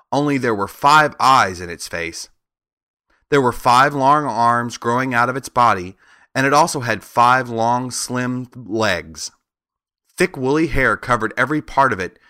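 Man reading a kids storybook, calm steady pace, dry close mic. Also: mid-range voice, no room sound. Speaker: narrator. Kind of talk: storybook audiobook narration.

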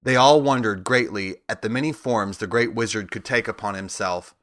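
A man narrating a children's storybook as an audiobook, in a steady, even storytelling manner. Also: lowish voice, moderate pace, no room sound, studio quality.

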